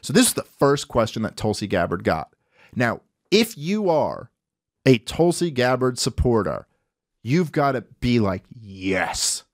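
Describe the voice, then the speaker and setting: A medium-pitched man who speaks a little slowly hosts a podcast, recorded dry and at studio quality. In casual political commentary he is animated and profane, with plenty of swearing and acted-out quotes.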